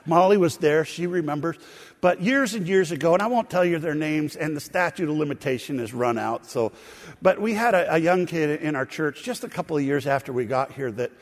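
A man's voice: fairly high pitch, animated, a little fast. A pastor preaching a sermon to his congregation, telling stories and throwing asides to the people in the pews. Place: church sanctuary. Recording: long hall reverb.

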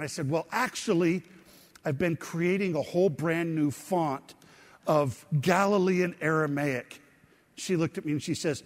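A man's voice: fairly high pitch, normal speed, in a large hall. A middle-aged male pastor preaching a conversational sermon, often putting questions to the congregation. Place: church sanctuary.

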